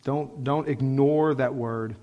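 A man's voice: mid-range voice, steady tone, takes it slowly, dull audio. A man preaching a sermon as pastor, speaking passionately in a conversational way full of "like". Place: church sanctuary. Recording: long church hall reverb.

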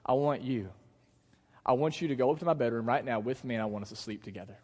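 A man doing a hushed, coaxing temptress. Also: mid-range voice, fast, in a large hall, voice pushed down, natural voice.

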